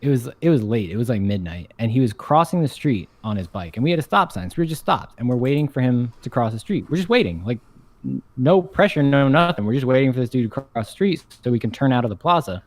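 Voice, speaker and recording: A man's voice: medium pitch, sing-song, fast talker, dry recording. A young man in casual chat, telling a story animatedly, swearing and laughing often. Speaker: podcast co-host.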